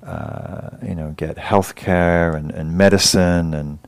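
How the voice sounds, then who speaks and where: A man with an English accent giving a dharma talk as a meditation teacher, gentle and halting, pausing and restarting as he tells a story. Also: deep voice, steady tone. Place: meditation hall class.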